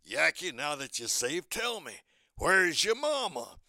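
A man's voice: a little high, big pitch swings, a little slow, vocal fry, bright, forceful tone, pitched above the performer's own voice, heavily acted. A man in his nineties voicing a big, protective male cartoon bulldog who calls out heartily. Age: 90s. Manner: hearty, calling out.

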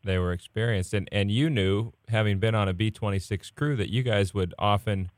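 Man, interviewer, calm, prompting, low voice, dry sound. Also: moderate pace, dry recording. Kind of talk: oral history interview.

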